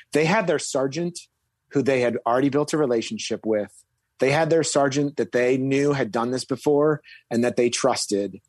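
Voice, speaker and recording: With a husky, medium-pitched voice and no echo, a male guest shares a casual story from his military days. He meanders, restarting often and filling pauses, then suddenly leans hard on key words.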